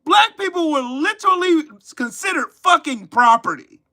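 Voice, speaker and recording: A man's voice: very high voice, expressive, moderate pace, sharp tone. A man hosting a live stream, delivering a fiery, profane and mocking commentary rant.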